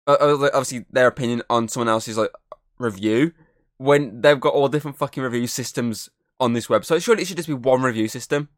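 A man's voice: medium pitch, fast, no echo, clean studio sound. Rambling, sweary male podcast co-host. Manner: rambling, swears freely, many fillers. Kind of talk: casual chat.

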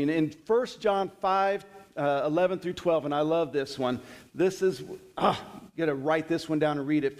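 Middle-aged guy leading bible study, chatty then slow on the verses, kinda high voice. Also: darkish tone. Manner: conversational, reads verses slowly with emphasis. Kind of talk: sermon-style Bible teaching. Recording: long hall reverb.

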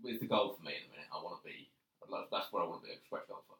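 A man's voice: low voice, expressive, very fast, fairly bright tone. A young man, chatting as a podcast guest and laughing often. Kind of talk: casual chat. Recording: roomy sound, distant mic.

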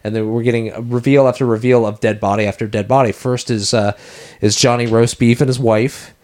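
A man's voice: mid-range voice, fairly even intonation, brisk, a little mellow. Rambling man recapping a film. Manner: rambling, acts out quoted lines. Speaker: podcast co-host. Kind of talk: casual movie recap.

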